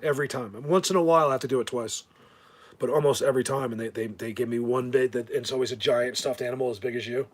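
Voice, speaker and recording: Husky rambling New man. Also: mid-range voice, fairly even intonation, fast. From New Jersey. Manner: rambling, joking, many restarts. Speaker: live video host. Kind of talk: casual rambling live chat.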